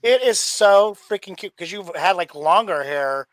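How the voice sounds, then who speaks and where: A man's voice: sits high, lively intonation, normal speed, fairly bright tone, no echo. A man co-host who gushes and jumps in often during casual banter. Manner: gushing, interjecting often. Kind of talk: casual talk show banter.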